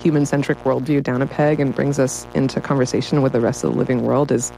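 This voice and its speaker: A woman's voice: a bass voice, little pitch movement, quick pace, vocal fry, warm tone, a little hiss or hum, rough recording. A woman writer talking as a guest in a casual interview, enthusiastic and often breaking into laughter.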